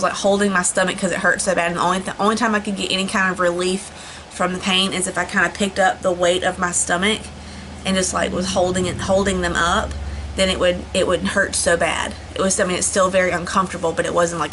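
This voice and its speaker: A woman's voice: on the low side, level tone, fast, a bit bright, a little hiss or hum, rough recording. A young woman chatting casually to camera, rambling with lots of fillers and restarts. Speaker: vlogger. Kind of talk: casual storytelling vlog.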